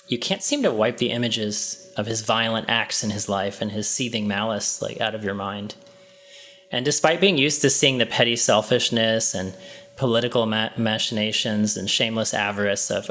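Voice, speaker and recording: A man running a tabletop game as game master, narrating a scene slowly in the second person with frequent ums and restarts. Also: on the low side, fairly bright tone.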